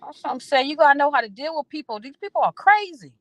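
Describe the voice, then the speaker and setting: A blunt woman telling workplace stories in a casual chat, swearing freely and hammering her points home by repeating them. Her pitch swings all over the place, and she plays every side of each exchange herself. The sound is close and dry, with no room around her. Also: expressive, fast talker, fairly bright tone, no echo. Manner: blunt, profane, repeats phrases for emphasis; acts out both sides of conversations.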